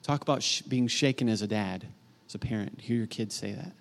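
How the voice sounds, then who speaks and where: A middle-aged man preaching a sermon, earnest, swinging from emphatic peaks to soft, hushed storytelling. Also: fairly low pitch, brisk, vocal fry. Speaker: pastor.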